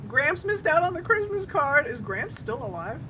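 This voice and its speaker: Lively, giggly woman streamer. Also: high-pitched, moderate pace, noisy background. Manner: giggly, playful, talks to chat. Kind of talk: casual gaming stream chat. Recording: faint game music behind.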